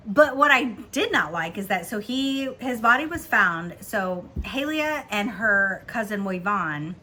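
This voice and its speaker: A woman chatting casually from home about a book she read, giggling often and filling pauses with ums and likes. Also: medium pitch, expressive, bright, forceful tone, slight background noise. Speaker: book vlogger. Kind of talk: casual book review chat.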